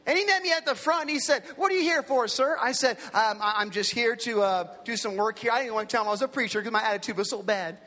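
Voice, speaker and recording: High bright-voiced preacher guy, animated storytelling sermon, big hall echo. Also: fast, hardly any pauses. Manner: animated, impersonates characters in his stories. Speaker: pastor. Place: large hall with an audience. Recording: long hall reverb.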